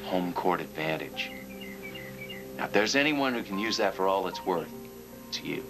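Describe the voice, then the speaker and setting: This level-headed advisor speaks in a measured, steady way. His voice is very deep. He is a calm character in a daytime TV drama. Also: over music, poor audio.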